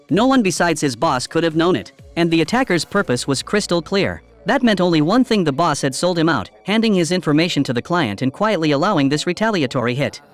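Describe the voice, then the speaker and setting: Guy doing movie recap narration, kinda high voice, steady and dramatic, faint music under it. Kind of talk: scripted narration.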